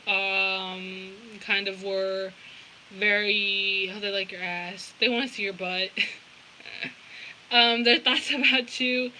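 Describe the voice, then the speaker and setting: A woman's voice: mid-range voice, bright, forceful tone, slight background noise, poor audio. A young woman giving a casual tarot reading, blunt and profane, with lots of slang. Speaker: tarot reader.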